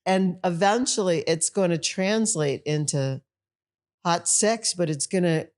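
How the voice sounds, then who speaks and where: Older woman, guest teacher, lowish voice, animated storyteller. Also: unhurried. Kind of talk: casual podcast conversation.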